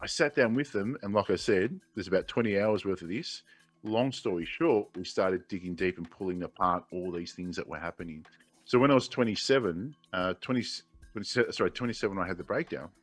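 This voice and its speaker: A man's voice: sits low, fairly quick, husky, no echo, soft background music. A man in his forties with an Australian accent, telling his own story as an interview guest, earnest and emotional, often restarting his sentences. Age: 40s. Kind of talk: candid personal storytelling.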